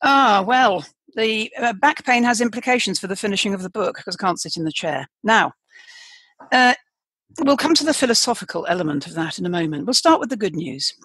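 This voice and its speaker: A woman's voice: medium pitch, animated, fairly quick, fairly bright tone, breathy edge, dry recording. A woman in her sixties co-hosting a podcast, teasing her partner with dry humour in casual chat. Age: 60s. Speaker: podcast co-host.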